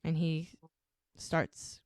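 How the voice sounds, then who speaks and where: Woman podcaster retelling the episode, low smooth voice, dead dry sound, does little voices for everyone. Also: monotone, extremely slow, darkish tone, dry recording. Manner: retells scenes, quoting the characters' lines in little voices. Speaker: podcast co-host recapping episodes. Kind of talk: casual recap chat.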